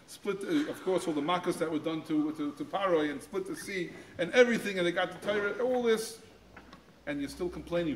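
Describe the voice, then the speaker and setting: Male guest speaker, slightly higher voice, teaching Torah to teens, animated with quotes, repeats words, reverberant school space. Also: slight background noise. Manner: acts out quoted voices with pitch jumps; repeats words while finding phrasing. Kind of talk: Torah talk to high school students. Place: school room.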